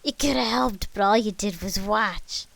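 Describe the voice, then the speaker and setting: A woman voicing a grieving elderly grandmother who yells accusations at the people she blames. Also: medium pitch, normal speed, creaky, dry recording. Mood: furious. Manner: yelling and accusing.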